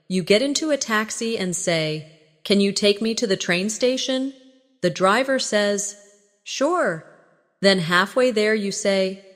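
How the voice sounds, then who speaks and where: A woman teaching everyday English phrases in a scripted lesson, giving slow, clear prompts for the listener to repeat. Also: medium pitch, a bit bright, big-room sound.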